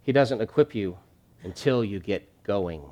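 A man preaching a sermon as a pastor from behind a church podium, emphatic and repeating his key lines, dropping to a hush and then rising loud. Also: on the low side, lively intonation, a little slow, lo-fi sound.

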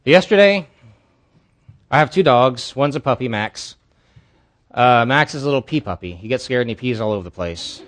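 A man's voice: medium pitch, lively intonation, moderate pace, pauses often, a bit bright. A man preaching as a pastor at a church service, telling a candid personal story in an earnest way. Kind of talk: sermon.

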